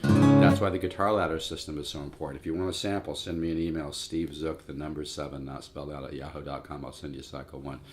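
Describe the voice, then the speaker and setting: This man talks fast in a rumbling low, steady tone as he gives a casual guitar lesson in his sixties. He rambles, repeats words and calls his viewers "folks," with acoustic guitar playing in the background.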